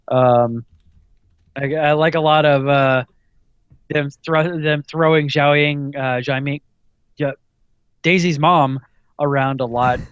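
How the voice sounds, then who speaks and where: A man co-hosting a podcast in casual chat, animated and laughing often as he reads out his notes. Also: a little high, slow pace, pauses often, clear, resonant tone, no room sound, highs cut off. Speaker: podcast co-host.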